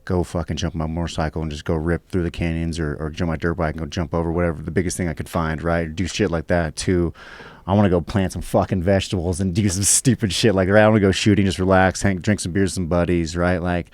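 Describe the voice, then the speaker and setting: A man's voice: low-pitched, steady tone, fast, a little mellow, dry recording. A young man chatting casually on a podcast, rambling with lots of fillers and swearing. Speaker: guest, pro fighter.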